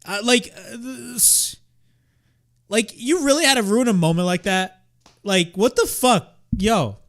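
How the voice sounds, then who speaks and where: A man's voice: high voice, a little slow. A young man hosting a wrestling watch-along, ranting in exasperation, swearing and repeating himself. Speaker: wrestling reaction host.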